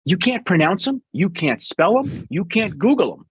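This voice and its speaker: A man's voice: sits high, big pitch swings, moderate pace, breathy edge, no echo. A middle-aged man with a New York accent, answering interview questions bluntly and sarcastically as a business guest.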